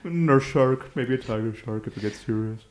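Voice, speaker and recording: A man's voice: medium pitch, normal speed, echoey room, close to an everyday voice. A man playing an unengaged weatherman who mumbles his forecast with total indifference, crowd noise behind. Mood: bored. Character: bored, unengaged male weatherman.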